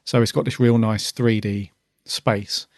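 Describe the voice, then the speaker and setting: A man's voice: lowish voice, flat delivery, unhurried, dry recording, clean studio sound. A man co-hosting a podcast, chatting casually and rambling with lots of ums while reviewing an episode. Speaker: podcast co-host.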